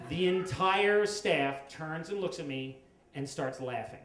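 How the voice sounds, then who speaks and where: A middle-aged man telling a comic story on stage at a storytelling event, wry and with dramatic pauses. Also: a little high. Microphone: stage microphone. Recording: echoey live room with faint noise.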